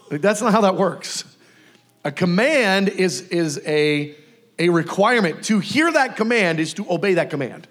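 A man giving a casual, conversational sermon, often acting out lively bits of dialogue. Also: high-pitched, a little slow. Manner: casual, animated, acts out dialogue. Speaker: preacher.

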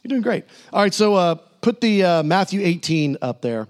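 Lively preacher guy, fairly high voice, swoops all over, acts out bible people in casual voices. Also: normal speed. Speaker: pastor. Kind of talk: sermon.

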